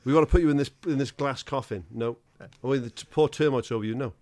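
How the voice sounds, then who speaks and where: A man's voice: mid-range voice, quick pace, background noise. A man joking around as a podcast co-host, swearing a lot and laughing through crude banter.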